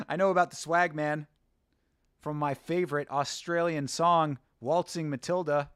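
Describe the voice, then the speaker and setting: A man's voice: a little high, fairly even intonation, takes it slowly, fairly bright tone, smooth, no room sound, clean studio sound. A young American man hosting a casual fight watch-along, chatting with viewers and swearing casually. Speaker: livestream host.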